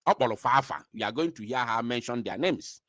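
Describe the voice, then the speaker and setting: A man's voice: mid-range voice, animated, fast talker, fairly bright tone, no room sound. Fired-up guy ranting, voice jumps all over, dry close sound. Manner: fiery, emphatic, mixes Igbo and English. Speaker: political commentator. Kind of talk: impassioned commentary.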